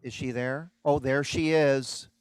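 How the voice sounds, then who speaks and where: A man presenting and demonstrating an organ in a live online show, talking excitedly and chatting with his viewers. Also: medium pitch, measured pace, clear, resonant tone. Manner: excitable, chatty, addresses audience as folks. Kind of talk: enthusiastic live-streamed product demo.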